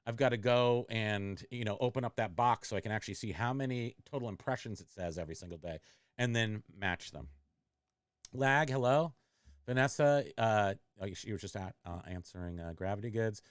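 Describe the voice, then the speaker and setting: A man's voice: lowish voice, brisk, clear, resonant tone, no echo, studio quality. A middle-aged man hosting a casual livestream, rambling and interrupting himself as he reads chat comments aloud. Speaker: online reseller and livestream host.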